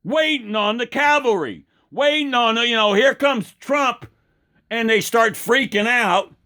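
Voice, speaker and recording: A man's voice: very high-pitched, lively intonation, a little slow, sharp tone. A man delivering an angry, profane political rant with many stumbling restarts. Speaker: political commentator.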